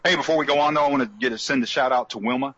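A man's voice: medium pitch, very fast, bright, forceful tone, husky, dry recording, muffled recording. A man co-hosting a podcast in casual chat, joking and telling stories. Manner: joking, chatty, storytelling. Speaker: podcast co-host.

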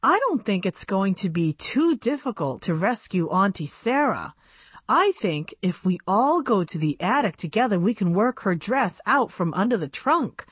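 A woman voicing an excited, earnest little girl doll in a storybook reading. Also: mid-range voice, normal speed, husky, no room sound. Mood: worried.

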